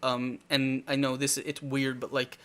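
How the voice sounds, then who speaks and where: A man hosting a live talk show, telling game stories in a rambling, animated way with lots of restarts. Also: medium pitch, unhurried, clear, resonant tone. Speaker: talk show host and dungeon master.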